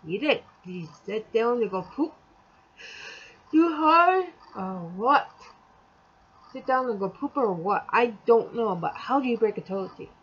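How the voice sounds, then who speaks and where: A woman's voice: mid-range voice, fairly quick, hardly any pauses, breathy edge, muffled recording. A young adult woman telling a storytime vlog in casual chat, rambling and exasperated, acting out the quotes as she goes. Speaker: vlogger.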